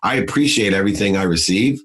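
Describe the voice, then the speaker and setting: A man's voice: fairly low pitch, lively intonation, fast, a bit bright. A man telling his story as an interview guest, intense and emphatic in a motivational way.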